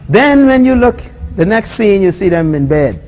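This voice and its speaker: Man, sermon, animated storytelling, conversational questions to listeners, chuckles, slightly high voice. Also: normal speed, low-quality recording. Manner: animated storytelling, acts out scenes and quotes; chuckles often while making points. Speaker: preacher teaching on love.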